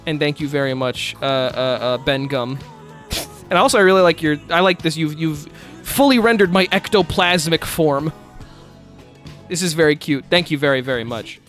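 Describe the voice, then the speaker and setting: A man's voice: on the high side, normal speed, fairly bright tone, faint music behind. A man streaming live, chatting casually, laughing often and swearing as he rambles.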